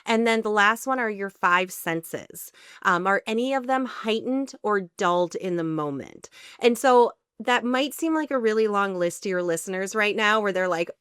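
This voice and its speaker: A woman's voice: mid-range voice, lively intonation, normal speed, a bit bright, clean tone, no room sound, studio quality. A woman parenting coach, a guest on a podcast interview, explaining her method step by step. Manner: explanatory, lays out steps in order.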